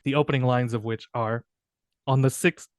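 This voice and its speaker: A male podcast co-host with a mid-pitched voice, telling jokes in a playful and casual way. He tosses in quick asides. The recording is dry and close. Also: fairly even intonation, no echo. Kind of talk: casual comedic chat.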